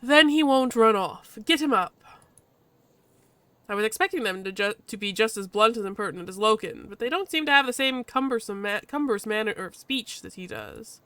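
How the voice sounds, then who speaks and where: A woman's voice: mid-range voice, fairly quick, hardly any pauses, fairly bright tone, clear, resonant tone, dry recording. Woman reading a game aloud, dry sound. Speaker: let's-play host. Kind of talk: game playthrough with read narration.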